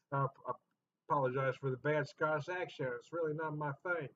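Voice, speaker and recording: A man's voice: medium pitch, steady tone, moderate pace, slight background noise. A middle-aged man hosting a casual beer review vlog, jokey and rambling, laughing often at himself. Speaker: beer reviewer and channel host. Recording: dull lo-fi sound.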